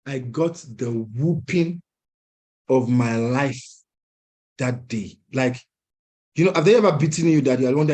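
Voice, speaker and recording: Young man telling an animated story. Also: medium pitch, a little slow, long pauses. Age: young adult. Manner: animated, chuckling, acts out other people's lines. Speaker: speaker at an entrepreneurs' event. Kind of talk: personal storytelling talk.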